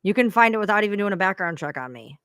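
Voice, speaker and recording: A woman's voice: medium pitch, expressive, rapid-fire, a bit bright, dry recording, studio quality. Exasperated woman ranting on a live stream. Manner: exasperated, profane venting. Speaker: livestream host. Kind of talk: live-stream rant to viewers.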